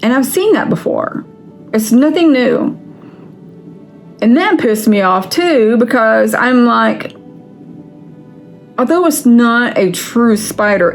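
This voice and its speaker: A woman's voice: on the high side, animated, slow pace, pauses often, soft background music. A woman vlogger ranting in a casual vlog, angry and frustrated, with frequent swearing.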